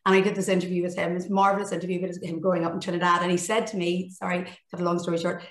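A Northern Irish woman in her fifties, a journalist telling an animated anecdote on a panel. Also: fairly low pitch, rapid-fire. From Northern Ireland. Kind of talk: storytelling on a panel. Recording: roomy echo.

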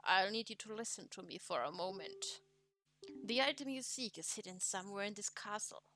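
A woman with a German accent reading aloud the lines of a wise old king who is a talking boat, in a plain, measured way. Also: medium pitch, sharp tone, lightly acted. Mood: solemn. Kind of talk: reading game dialogue aloud.

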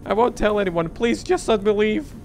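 A man's voice: very high-pitched, fairly even intonation, fairly quick, faint music behind, pitched above the performer's own voice. A man raising his voice to play a frightened young girl in a game, pleading and panicked.

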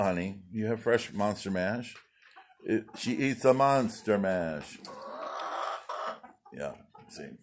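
A man in his fifties, short of breath and coughing between sentences, rambles playfully to his hens outdoors. His voice sits low but swings widely in pitch. Faint clucking carries in behind him. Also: noisy background. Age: 50s. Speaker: backyard chicken keeper. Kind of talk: casual vlog chat. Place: outdoors at a chicken coop. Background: hens clucking and roosters.

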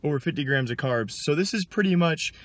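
A man's voice: a little high, expressive, fairly quick. A young man vlogging casually to camera, upbeat and chatty, talking to his viewers as guys. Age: young adult. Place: at home, in a stairwell, at a gym.

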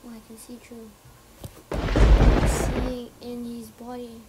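High-voiced woman muttering over game noise. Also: monotone, slow, pauses often. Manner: talks to herself, swears a lot, shrieks when startled, drops to muttered whispers. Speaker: gamer playing on stream. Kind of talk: casual gameplay commentary. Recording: loud background noise.

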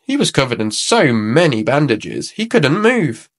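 A man reading a children's storybook aloud in an expressive, animated way. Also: medium pitch, measured pace.

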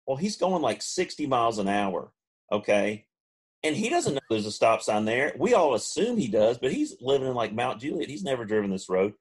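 A man, co-hosting a podcast and telling a long funny story, now and then mimicking friends in high voices. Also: very animated, normal speed, husky. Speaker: podcast co-host. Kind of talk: casual storytelling.

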